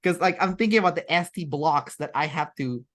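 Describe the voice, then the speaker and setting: A woman's voice: deep voice, brisk. A woman as an interview guest, talking in a rambling, chatty way with many fillers and restarts. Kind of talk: casual interview chat.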